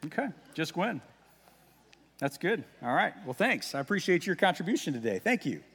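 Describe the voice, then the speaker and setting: A man's voice: fairly high pitch, very animated, moderate pace, fairly bright tone, breathy edge. A male pastor giving a sermon in a conversational, folksy way, with casual asides to the congregation. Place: church sanctuary. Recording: long reverb of a church hall.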